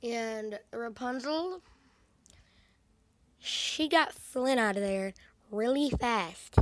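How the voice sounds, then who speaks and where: A woman's voice: a little high, animated, takes it slowly, long pauses, no echo. A woman casually recapping a movie's plot, rambling with lots of fillers and sarcastic asides. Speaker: movie reviewer.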